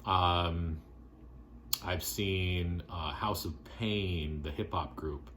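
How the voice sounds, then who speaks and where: A man vlogging casually about his favorite records, relaxed and rambling with lots of fillers. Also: deep voice, extremely slow, a little hiss or hum. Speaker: vinyl collector vlogger.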